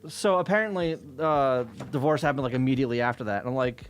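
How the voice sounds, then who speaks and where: A streamer with a mid-range, expressive voice talks fast while he works, chatting casually with his viewers. He's telling an exasperated, profanity-laced story, and there's slight background noise.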